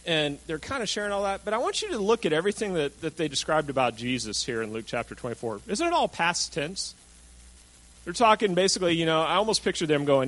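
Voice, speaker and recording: A man preaching a sermon, telling a Bible story in an animated way and acting out the voices of the people in it. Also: on the high side, poor audio. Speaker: pastor.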